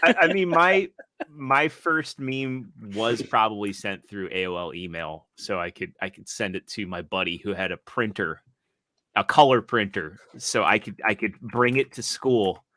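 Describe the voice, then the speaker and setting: Host: man, bright forward voice, dry close mic, rambly and laughing. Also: fairly low pitch, a little slow, dry recording. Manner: rambling, laughs often, restarts. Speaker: podcast host. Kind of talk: casual chat.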